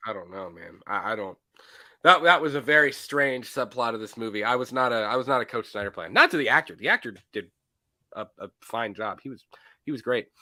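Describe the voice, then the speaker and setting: A man co-hosting a movie podcast, with a bright, forceful voice that leaps up and down in pitch. He acts out bits of scenes as he talks and laughs often. The sound is dry and close. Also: expressive, fairly quick, no room sound. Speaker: podcast co-host. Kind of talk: casual movie podcast chat.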